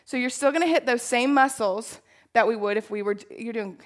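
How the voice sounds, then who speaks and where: A woman's voice: fairly high pitch, a little fast, poor audio. A woman fitness instructor leading a live workout, upbeat and encouraging, who laughs often.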